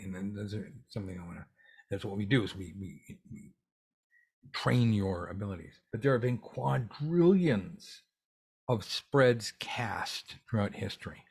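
A man teaching a live tarot workshop, answering viewer questions in an animated, casual way with jokey asides and some swearing. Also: mid-range voice, breathy edge.

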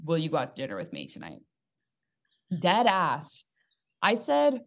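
A young woman comedian chatting casually on a podcast, her voice on the lower side. She tells stories in an animated, joking way, with quick asides and punchlines. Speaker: comedian guest. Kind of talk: casual storytelling chat.

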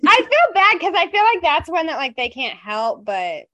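A woman in a casual chat with a friend, relaxed and quick to laugh, with many fillers. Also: very high-pitched, no room sound.

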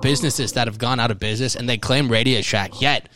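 A man's voice: mid-range voice, steady tone, fast talker, pushed and bright. A man hosting a podcast in casual chat, joking and laughing at himself. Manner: joking, self-mocking, laughs often. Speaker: podcast host.

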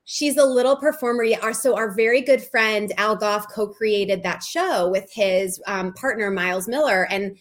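A woman's voice: mid-range voice, moderate pace, hardly any pauses. Chatty woman telling family stories. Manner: chatty storytelling, acting out quotes. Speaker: podcast guest, writer. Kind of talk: casual chat.

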